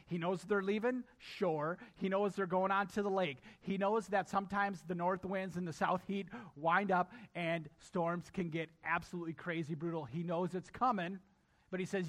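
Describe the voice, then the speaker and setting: A man preaching a sermon in a bright, forceful voice, pitched a little above the usual for men. He drives his points home by repeating them and speaking straight to his congregation. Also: steady tone, moderate pace. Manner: emphatic, repeats key lines to a congregation. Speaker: pastor.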